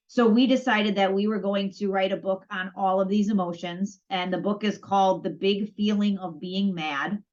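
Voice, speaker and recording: A woman's voice: mid-range voice, fairly even intonation, normal speed. A woman co-hosting a podcast, chatting casually and acting out both sides of past conversations as she tells a story. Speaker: podcast co-host. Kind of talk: casual chat. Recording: dull lo-fi audio.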